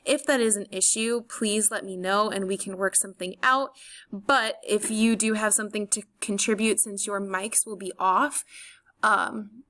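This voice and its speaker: A young woman in her twenties, from St. Louis, giving a recorded course overview as a high school chemistry teacher in a friendly, organized way with frequent ums. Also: pushed and bright. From St. Louis, USA.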